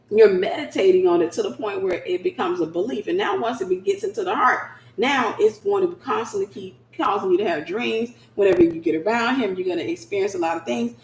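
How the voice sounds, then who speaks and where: A woman teaching in a conversational, animated preaching style, acting out scenes as she goes. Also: medium pitch, a little hiss or hum. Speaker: Christian teacher. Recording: roomy echo.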